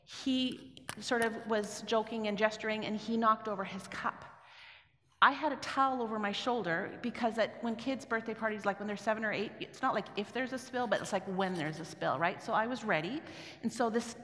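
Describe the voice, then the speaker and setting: A woman's voice: on the high side, moderate pace, a bit bright. A middle-aged woman from Canada telling a personal story to an audience in a conversational way, often asking them questions. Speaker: speaker giving a talk. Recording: echoey hall with long reverb.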